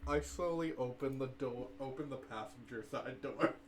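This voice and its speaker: A player in a tabletop game who bursts into animated, laughing outbursts. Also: medium pitch, moderate pace, background noise.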